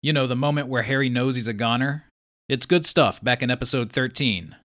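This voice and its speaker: A man's voice: mid-range voice, a little fast, fairly bright tone. A man hosting a podcast, narrating in a breezy, scripted way and introducing guests. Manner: breezy, conversational. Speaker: podcast host.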